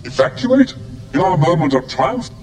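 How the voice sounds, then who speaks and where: An actor playing a cold, haughty older imperial commander, speaking in a clipped, disdainful way. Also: male voice, sits high, big pitch swings, moderate pace, darkish tone. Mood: scornful. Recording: distant film audio, faint background noise.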